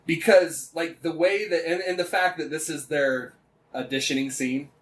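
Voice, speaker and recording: A man's voice: fairly high pitch, steady tone, normal speed, a bit bright, distant mic, poor audio. A man co-hosting a podcast, retelling a game story in casual chat, rambling with lots of fillers and frequent swearing. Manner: rambling, swears often, many fillers and restarts. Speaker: podcast co-host.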